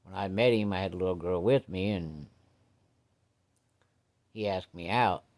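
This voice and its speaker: A man voices a gentle grown daughter and young mother. She pleads quietly, in a low, hushed tone. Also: a little slow. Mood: pleading.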